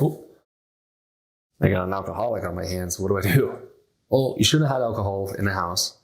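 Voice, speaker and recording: Man, 30s, low voice, podcast host, blunt motivational health talk, emphatic. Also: darkish tone, low-quality recording.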